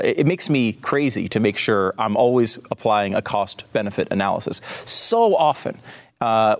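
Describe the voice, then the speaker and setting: A man's voice: medium pitch, creaky. A male host asking long questions in an interview, with plenty of fillers and restarts. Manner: rambling questions with many fillers.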